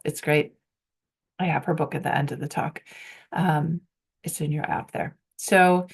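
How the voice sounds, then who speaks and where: A woman presenting on workplace change in a low, gravelly voice. She asks one rhetorical question after another, with plenty of ums between them. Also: a little mellow. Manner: poses strings of rhetorical questions with frequent ums. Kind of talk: conference presentation.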